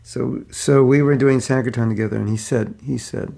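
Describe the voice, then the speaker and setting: Older male teacher, raspy edge, anecdotal, mid-pitched and chuckling. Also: steady tone, moderate pace, few pauses, dark tone. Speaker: spiritual teacher. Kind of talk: casual religious class.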